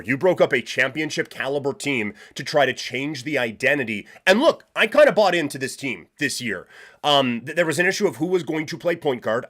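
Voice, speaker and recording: A man's voice: medium pitch, a bit bright. A man hosting a live sports talk stream, ranting emphatically with rhetorical questions and frequent restarts. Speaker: podcast host.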